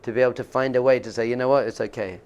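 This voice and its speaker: A man's voice: mid-range voice, fairly even intonation, very fast, a little mellow, clear, resonant tone, highs cut off. A man teaching as a rabbi in an informal class, conversational and jokey, often laughing and acting out quotes.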